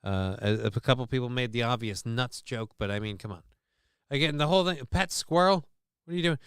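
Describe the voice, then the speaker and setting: A man's voice: medium pitch, brisk, a bit bright, smooth, no echo, clean studio sound. A man hosting a livestream show, chatting casually with a profane, sarcastic, rambling manner.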